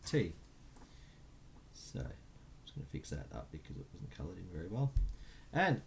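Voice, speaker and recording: A man's voice: on the low side, huge pitch swings, moderate pace, creaky, pauses often, slight background noise. A man teaching a recorded music lesson, counting beats aloud and chanting rhythm syllables while writing notes.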